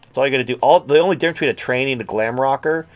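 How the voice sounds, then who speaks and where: A man's voice: mid-range voice, very fast, soft background music. A man hosting a livestream, talking in a crude, rambling, sarcastic way. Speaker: host. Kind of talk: casual livestream talk.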